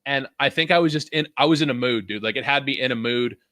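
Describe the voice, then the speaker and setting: Young man, from Vancouver, podcast co-host, animated rant, bright tone, dry close sound. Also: medium pitch, fast, no room sound. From Vancouver, Canada. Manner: animated, swearing, laughing ranter. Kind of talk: casual podcast chat.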